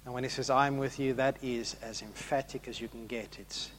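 A man preaching a sermon, swinging between loud rousing questions to the congregation and hushed, emphatic passages. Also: mid-range voice, fairly even intonation, moderate pace, slight background noise.

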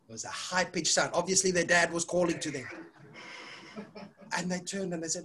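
A woman's voice: on the low side, fairly quick. A woman telling a story to children at church, stopping often to ask them questions. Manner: animated, asks the children questions.

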